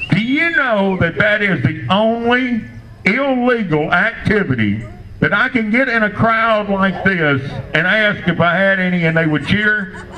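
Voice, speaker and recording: Crude retired trucker comic. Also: male voice, sits high, unhurried, low-quality recording. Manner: crude, rambling deadpan storytelling. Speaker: standup comedian. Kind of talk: standup comedy set.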